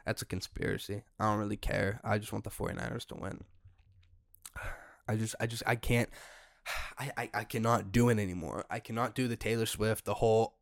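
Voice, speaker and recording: A young man hosting a solo podcast, ranting in an exasperated way with sudden loud outbursts. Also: lowish voice, steady tone, moderate pace, gravelly, no room sound, studio quality. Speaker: podcast host.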